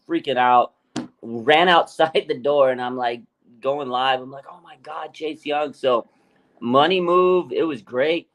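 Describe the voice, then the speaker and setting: A man co-hosting a live sports talk stream, telling stories in an excited, rambling way. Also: fairly high pitch, rough recording. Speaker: podcast co-host.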